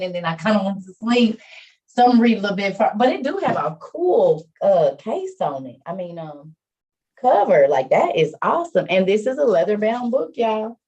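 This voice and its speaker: A woman's voice: mid-range voice, sing-song, moderate pace, a little mellow, distant mic, lo-fi sound. Chatty woman hosting a video call. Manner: chatty, addresses listeners as y'all, preachy about faith. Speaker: online meeting host. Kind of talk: casual chat and encouragement to listeners.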